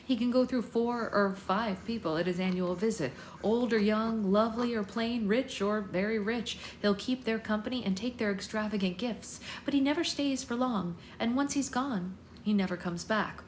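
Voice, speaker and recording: A woman hosting a book club, reading a novel aloud at home in a measured, expressive storytelling manner. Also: medium pitch. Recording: echoey room with background noise.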